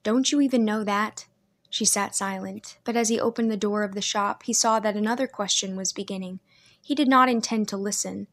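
A woman reads a novel aloud in a steady, measured way. Her voice sits in a middle range for a woman. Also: mid-range voice. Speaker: audiobook narrator. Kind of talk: scripted narration.

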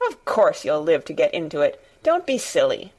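A woman's voice: mid-range voice, animated, measured pace. A woman reading the part of a blunt, sour-tempered young girl in a storybook, talking frankly and snapping when crossed. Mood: firm.

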